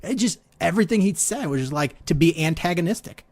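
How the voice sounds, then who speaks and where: A middle-aged man with a slightly high voice chats casually on a podcast. He tells rambling, self-deprecating family stories and laughs often along the way. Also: animated, fairly quick, darkish tone. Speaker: podcast host. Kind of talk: casual chat.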